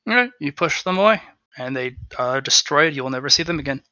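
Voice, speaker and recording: A man's voice: a little high, expressive, fast, pushed and bright, no room sound, dull audio. A man narrating as game master of a tabletop game, laughing, swearing and throwing in dramatic asides.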